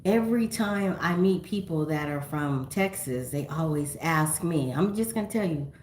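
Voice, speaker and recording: A woman's voice: deep voice, expressive, moderate pace, darkish tone, roomy sound, a little hiss or hum. A middle-aged woman from California hosting a casual livestream on her phone, chatting and reading viewer comments aloud with frequent laughs. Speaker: livestream host.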